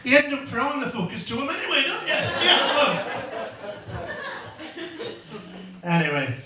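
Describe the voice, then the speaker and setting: A man's voice: extremely high pitch, sing-song, measured pace, heavy background noise. A man doing stand-up, telling crude rambling family stories full of tag questions. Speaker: stand-up comedian. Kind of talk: stand-up comedy routine. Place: comedy club stage. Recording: echoey venue, mic far off.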